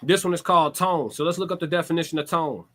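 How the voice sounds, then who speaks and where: A man's voice: on the high side, quick pace, a bit bright. A young adult man, hosting a casual live-stream monologue in a conversational, reflective way, swearing freely. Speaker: livestream host.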